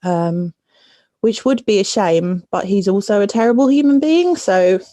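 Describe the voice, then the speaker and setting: A woman caller telling a story casually, halting with fillers. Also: medium pitch, mellow. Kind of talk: phone-in story.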